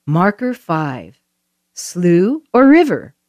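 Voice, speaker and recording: Lively woman narrating a nature tour. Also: lowish voice, extremely slow, noisy background. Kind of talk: scripted audio tour narration.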